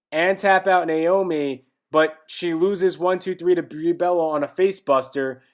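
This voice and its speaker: A man talks through a casual solo review in a slightly high voice. He rambles and leans on filler words. His tone turns exasperated as he goes. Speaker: wrestling podcast host.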